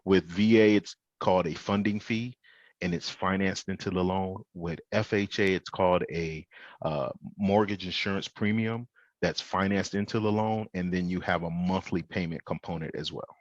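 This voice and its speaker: Deep-voiced man explaining home loans. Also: fairly even intonation, moderate pace, dry recording, muffled recording. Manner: methodical, plain explanations with fillers. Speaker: mortgage lender guest. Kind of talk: explanatory talk show answer.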